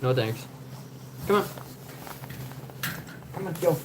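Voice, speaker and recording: At home, a man chats casually with his dog and her puppies, coaxing and playful, sometimes switching into a high baby voice. He sounds animated but speaks slowly, and the recording is very noisy.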